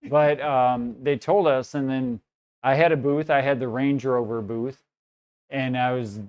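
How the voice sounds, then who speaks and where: Man, Chicago accent, casual chat, laughs often, mid-pitched, resonant voice. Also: fairly even intonation, measured pace, darkish tone, highs cut off. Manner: rambling storyteller, laughs often. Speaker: guest.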